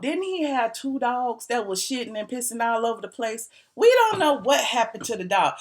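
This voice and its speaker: An Atlanta woman vlogs casual, sassy gossip at a moderate pace, barely pausing, in a fairly high, sing-song voice. She repeats lines for emphasis and laughs between them.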